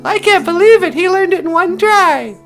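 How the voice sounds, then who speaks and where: Female co-host, very high lively voice, unhurried, guitar music behind. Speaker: podcast co-host. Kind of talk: casual radio sign-off.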